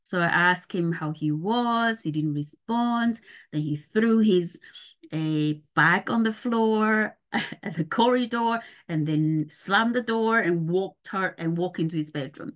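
A woman's voice: lowish voice, slow. A middle-aged woman parenting coach on a podcast, explaining step by step and often checking in with the listener.

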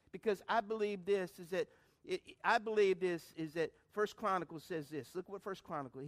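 A middle-aged man preaching a sermon, calling out to the congregation and swinging between loud appeals and hushed lines. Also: extremely high pitch. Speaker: pastor.

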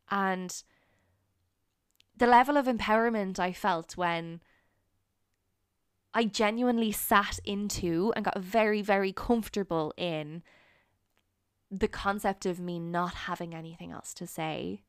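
A young woman hosting a solo podcast, talking in an earnest, encouraging way with frequent pauses. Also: mid-range voice, clear, resonant tone, no echo, studio quality. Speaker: podcast host. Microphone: studio microphone.

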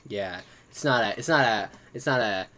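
A man's voice: fairly low pitch, normal speed, bright, forceful tone. A young man co-hosting a casual movie podcast, asking questions and teasing his friend. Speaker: podcast co-host.

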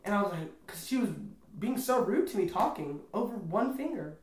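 A woman's voice: medium pitch, lively intonation, normal speed, a little mellow. A woman co-hosting a casual podcast chat, talking animatedly, laughing often and acting out customers. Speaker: podcast co-host. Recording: echoey room.

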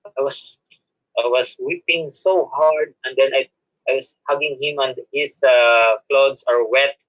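A man's voice: medium pitch, steady tone, a little slow, fairly bright tone, rough recording. A man, a monk guest, telling a personal story in an interview with many restarts and self-corrections and frequent laughs. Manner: laughs often while telling.

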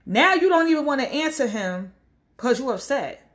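A woman delivers a casual vlog rant full of blunt, profane advice. Her fairly high voice swings widely in pitch as she acts out quoted voices. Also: very animated, moderate pace. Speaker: social media commentator. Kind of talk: casual direct-to-camera rant.

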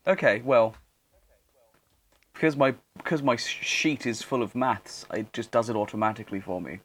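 A man's voice: medium pitch, fairly bright tone. Young male podcast co-host, mid-range voice, loose and rambling delivery. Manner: rambling, halting with fillers and restarts. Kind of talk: casual chat.

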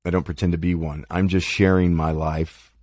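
A man's voice: sits low, level tone, normal speed, darkish tone, no room sound. A man talking candidly about his life in a rambling, self-deprecating monologue, cursing freely, his mouth dry. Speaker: podcast host.

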